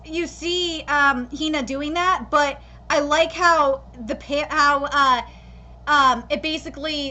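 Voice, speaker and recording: A woman's voice: high-pitched, bright, forceful tone. A young woman giving an emotional live reaction to an anime episode, gushing and full of fillers and restarts.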